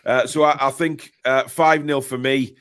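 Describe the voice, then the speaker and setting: A man's voice: medium pitch, fairly even intonation, measured pace, a bit bright, clear, resonant tone. A man with a Geordie accent hosting a casual football chat on a live stream, reading out viewer messages. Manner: chatty, reads out viewer messages. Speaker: podcast host. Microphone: desk mic, live stream.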